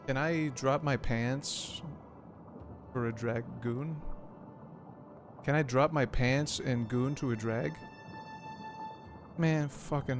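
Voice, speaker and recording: Rambling, foul-mouthed streamer guy. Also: mid-range voice. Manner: rambling, profane, joking. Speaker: game streamer. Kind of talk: casual stream commentary.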